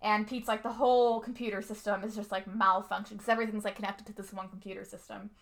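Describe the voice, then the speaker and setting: A woman's voice: mid-range voice, fast talker, gravelly. A woman co-hosting a casual chat, retelling a movie plot with frequent laughter. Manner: laughs often, animated storytelling. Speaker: podcast co-host recapping a movie.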